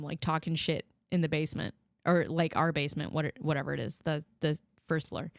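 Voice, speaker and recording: A woman hosting a casual chat show, telling animated stories, mimicking people in high, raised voices and swearing freely. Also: no room sound, clean studio sound. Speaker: host.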